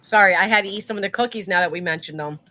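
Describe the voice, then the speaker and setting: A woman's voice: medium pitch, very fast, bright, forceful tone. A woman hosting a livestream, chatting casually and swearing freely. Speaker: stream host. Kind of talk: casual chat.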